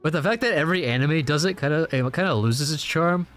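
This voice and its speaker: A man casually reacting to a comic he is reading aloud, rambling and animated, with many fillers. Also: fairly high pitch, fast talker, soft background music. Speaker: reaction channel host.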